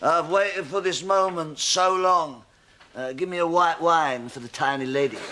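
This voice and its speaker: A smarmy pub lothario. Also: male voice, fairly high pitch, measured pace, sharp tone. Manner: leering, smarmy. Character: sleazy, self-assured pub lothario.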